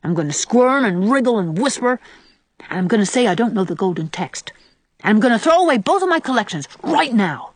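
A woman's voice: a little high, very animated, fairly quick, dry recording, pitched above the performer's own voice. A woman voicing a defiant, reckless little boy. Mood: rebellious. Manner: reckless, indignant and boastful. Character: defiant scowling boy of about nine.

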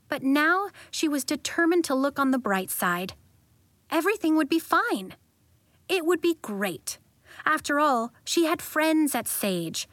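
Woman narrator, fairly high voice, dry close recording; expressive storybook reading. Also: dry recording. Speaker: audiobook narrator. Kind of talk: scripted narration.

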